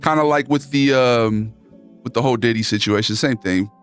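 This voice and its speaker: A man's voice: mid-range voice, normal speed, soft background music. A man hosting a live stream, chatting casually with his chat in a laid-back, sarcastic, slangy way. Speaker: livestream host reading chat.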